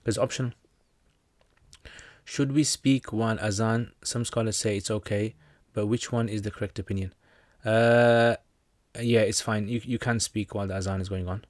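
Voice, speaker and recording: Here the same kind of speaker, a British man who teaches Islam, replies to viewers on a livestream with chatty humor and lots of filler words. His pitch is fairly low, his tone steady and his pace moderate, with clean studio audio and no room sound.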